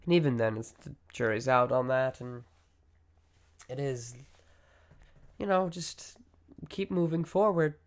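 A man's voice: mid-range voice, measured pace, pauses often. A man hosting a solo podcast, talking through his thoughts in a reflective, conversational way, with many fillers and self-corrections. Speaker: podcast host. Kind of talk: solo podcast monologue on mental health.

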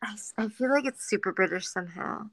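Gravelly and fairly bright, this woman's medium-pitched voice moves fast with no room sound. As a podcast co-host she keeps the casual chat lively, full of giggles, filler words and cursing.

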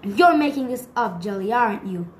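A woman's voice: on the high side, animated, normal speed, a little hiss or hum, close to an everyday voice. A woman voicing an impatient, greedy male head of a museum collection who barks and demands, in a storybook reading. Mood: demanding. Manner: barking, demanding. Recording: echoey room.

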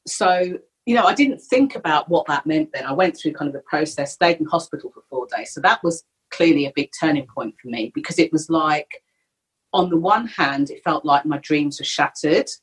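Middle-aged woman, low and slightly husky, candid guest sharing a personal story. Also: moderate pace, low-quality recording. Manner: candid, reflective, animated when retelling. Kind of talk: personal storytelling in a podcast interview.

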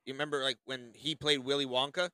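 A man's voice: medium pitch, fairly even intonation, quick pace, pushed and bright, clear, resonant tone, no room sound. A man co-hosting a podcast in casual chat, wry and nitpicky, chuckling often. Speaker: podcast co-host.

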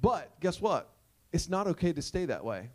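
A man's voice: on the high side, sing-song, moderate pace, darkish tone. A male pastor delivering a conversational sermon, emphatic and full of repeated rhetorical questions.

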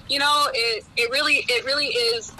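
A woman's voice: a little high, fairly even intonation, moderate pace, sharp tone, a little hiss or hum, rough recording. A woman in a band, chatting in a laid-back way, swearing casually and trailing off. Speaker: band member guest. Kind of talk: casual chat.

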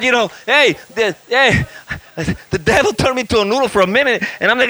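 A man in his fifties, a guest pastor preaching a lively storytelling sermon, acting out voices and shouting lines for effect. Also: high voice, fairly quick. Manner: animated, acts out voices and shouts for effect, laughs often.

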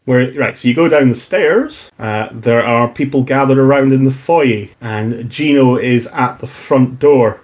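A man's voice: mid-range voice, measured pace, few pauses, a little mellow. A man narrating as the game master of a tabletop game, describing scenes with frequent fillers. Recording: dull lo-fi recording.

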